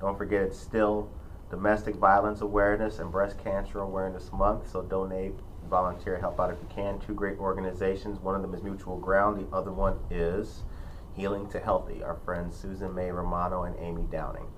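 Very deep-voiced agreeable host man. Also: flat delivery, brisk, slight background noise, rough recording. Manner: agreeable, affirming backchannel. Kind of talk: casual interview.

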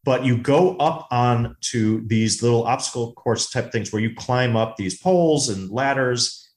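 Rambling man in an echoey room. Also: mid-range voice. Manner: rambling, animated storytelling. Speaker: podcast co-host. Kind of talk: casual chat. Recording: roomy echo.

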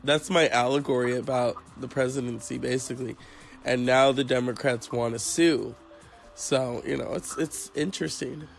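A man hosting a casual chat, rambling and crude in a deadpan way. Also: medium pitch, normal speed, gravelly, soft background music, low-quality recording.

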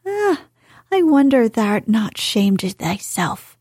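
A woman's voice: fairly high pitch, big pitch swings, slow pace, darkish tone, slightly rough, dry recording, clean studio sound, exaggerated voice. A woman voicing a bold young girl in a storybook, whispering her lines in a broad Yorkshire accent. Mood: playful. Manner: put-on broad dialect, whispery.

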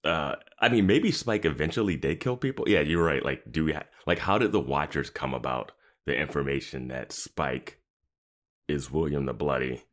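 A man's voice: rumbling low, normal speed. A man co-hosting a podcast, musing and chuckling in casual conversation. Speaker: podcast co-host. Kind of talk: casual chat.

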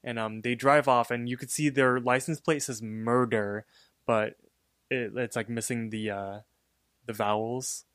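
A man's voice: medium pitch, measured pace, smooth, dry recording, studio quality. A man co-hosting a podcast, casually recapping a cartoon episode with lots of fillers. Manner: relaxed, filler-heavy storytelling. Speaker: podcast co-host.

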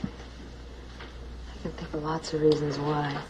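An actress playing a nervous young woman stuck in a dangerous city, talking in a hushed voice, heard as a film clip. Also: sits low, completely flat delivery, slow. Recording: noisy film soundtrack clip.

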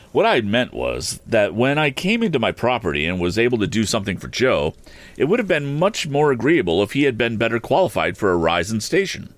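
A man narrating a classic novel in the first person, measured and expressive. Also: fairly low pitch, dry recording. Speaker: audiobook narrator.

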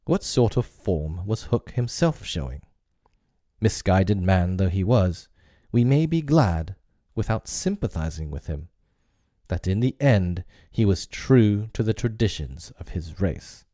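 A man reading a classic story aloud as narrator, in a measured and expressive storybook way. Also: sits low, dry recording, studio quality.

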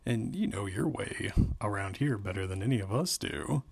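A man reading aloud, voicing a quick-thinking young woman who coaxes and flatters. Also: lowish voice, creaky, husky, exaggerated voice. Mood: coaxing. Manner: coaxing, flattering.

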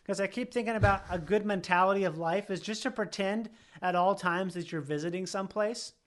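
High-voiced man rambling casually. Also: a little fast, fairly bright tone. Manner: rambling, self-correcting, laughing. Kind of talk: casual chat.

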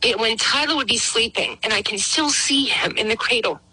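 A middle-aged woman guest sharing a personal story, emotional and halting, acting out quotes. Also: fairly high pitch, sharp tone, breathy edge, no echo, rough recording. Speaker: guest caller. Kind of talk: personal testimony.

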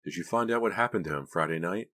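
A man's voice: deep voice, fast, a bit bright, pitched above the performer's own voice. A man voicing an anxious teenage girl in an audiobook, with uneasy, nervous questions. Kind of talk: audiobook reading.

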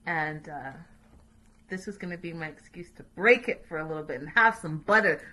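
Brief: woman vlogger, bright and clear tone, chatty and opinionated, casual recap talk. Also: on the low side, normal speed, poor audio. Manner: opinionated, chatty, sassy asides to viewers. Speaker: reality show recap vlogger. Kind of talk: casual chat.

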